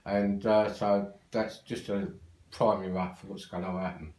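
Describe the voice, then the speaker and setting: A man's voice: low-pitched, steady tone, measured pace, darkish tone, reverberant, low-quality recording. Older London man spinning a yarn. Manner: rambling, swearing, cheerful yarn-spinner. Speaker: storyteller. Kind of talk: casual anecdote.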